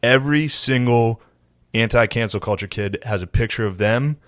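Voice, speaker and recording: A man's voice: mid-range voice, normal speed, fairly bright tone, no echo, clean studio sound. A man, co-hosting a comedy podcast in loose, crude, joking chat. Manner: loose, crude, joking, slips into mock accents. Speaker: podcast co-host.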